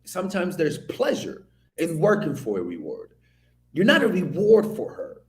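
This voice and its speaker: Blunt, lively man in a roomy room. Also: sits high, moderate pace, a little hiss or hum. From Dominican Republic. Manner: blunt, profane, animated storytelling. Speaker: video commentator. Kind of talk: opinion commentary monologue.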